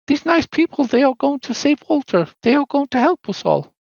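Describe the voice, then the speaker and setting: A man voicing a little ghost girl in a high, sweet, eerie voice. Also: sing-song, a little fast, gravelly, a little mellow, no room sound, lo-fi sound, exaggerated voice.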